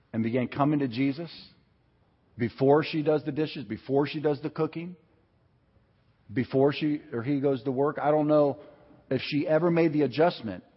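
A man preaching a sermon in a lively, conversational way, swinging between loud and soft delivery. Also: mid-range voice, husky. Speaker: pastor. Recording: dull sound with long hall reverb.

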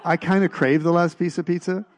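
Gravelly-voiced man preaching conversationally. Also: high-pitched, little pitch movement, a little fast. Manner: conversational, emphatic, asks the audience questions. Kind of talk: sermon.

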